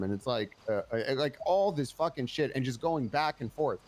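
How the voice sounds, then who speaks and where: A man's voice: mid-range voice, a little fast, hardly any pauses, darkish tone. A tired man playing a police commander in a game roleplay, telling a long story in a rambling way, swearing and restarting often. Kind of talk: in-character roleplay chat.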